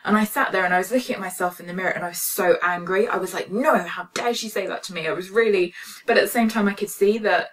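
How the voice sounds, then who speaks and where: A woman's voice: medium pitch, fast, recorded from a distance, a little hiss or hum. A woman telling a personal story as a spiritual healing vlogger, earnest and emotional with many fillers. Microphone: phone camera.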